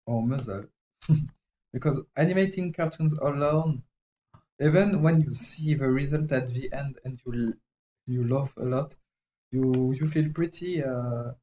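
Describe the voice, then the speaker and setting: A man from France speaks in a French accent, his voice pitched in the middle range. He chats casually on a live stream as he works, halting often as he searches for the right English words. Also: dark tone, poor audio. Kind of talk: casual live-stream chat while drawing.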